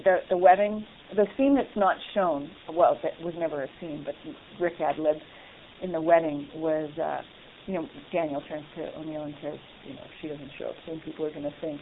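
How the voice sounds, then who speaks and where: Woman, interview guest, animated and chatty, lowish voice; tinny phone-quality line. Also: moderate pace, a little hiss or hum. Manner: animated, laughs often, restarts. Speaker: actress being interviewed. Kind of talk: casual interview chat.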